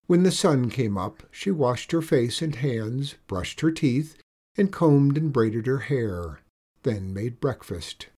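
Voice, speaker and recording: A man reading a children's story aloud in a steady, measured way. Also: medium pitch, breathy edge.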